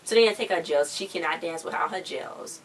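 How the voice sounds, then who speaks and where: Woman, deep-ish voice, casual slangy show recap, mic set back from her. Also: brisk, recorded from a distance, a little hiss or hum. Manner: chatty, slangy, acts out quotes.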